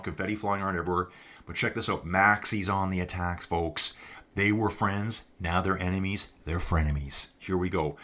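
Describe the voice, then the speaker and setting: A man's voice: low-pitched, sharp tone. A man giving live, chatty commentary on a virtual cycling race, talking to his viewers as folks and reading out the chat.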